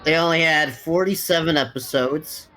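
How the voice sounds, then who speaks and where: A man's voice: a little high, normal speed, bright, forceful tone. A man chatting casually on a game stream, mostly giving short reactions and reading out facts he looked up. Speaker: co-host friend. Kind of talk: casual chat.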